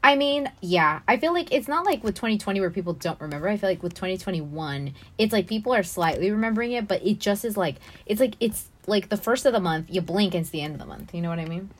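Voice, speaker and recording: A woman's voice: medium pitch, lively intonation, fast, few pauses. A woman co-hosting a podcast, chatting casually while playing a video game, giggling often and talking expressively. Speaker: podcast co-host.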